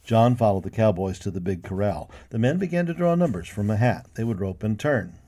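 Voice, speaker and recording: A man's voice: lowish voice, brisk. A man reading a western storybook aloud, giving each character a voice of his own. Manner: lively, voicing each character. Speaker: narrator.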